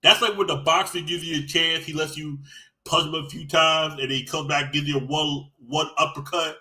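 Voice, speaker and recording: Profane, animated man in an echoey room. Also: on the high side, moderate pace. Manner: profane, animated storytelling with put-on quotes. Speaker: podcast co-host. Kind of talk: casual esports chat.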